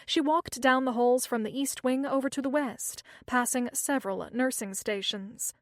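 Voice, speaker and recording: A woman narrating a thriller audiobook in a steady, measured reading. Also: high voice, no room sound, clean studio sound. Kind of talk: scripted narration.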